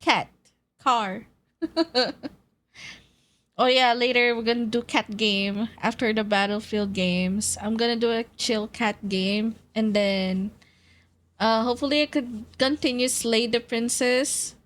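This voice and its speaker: A woman streamer, her voice sitting a touch high and her talk unhurried. She chats warmly with her viewers, greeting them one by one and breaking into giggles. She mentions feeling nauseous and dizzy today. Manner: giggly, greets chat by name, bursts of laughter. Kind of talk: casual live-stream chat with viewers.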